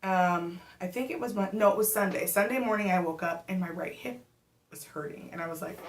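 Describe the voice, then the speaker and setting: A young adult woman vlogging casually, telling a story to the camera in a chatty, animated way with lots of fillers. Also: fairly low pitch, a little fast, a little hiss or hum. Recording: echoey room.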